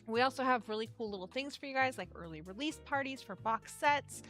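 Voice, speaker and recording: A woman's voice: a little high, lively intonation, brisk, fairly bright tone, soft background music. A woman hosting a casual live stream, chatty, laughing often and swearing casually. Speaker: livestream host and yarn shop owner.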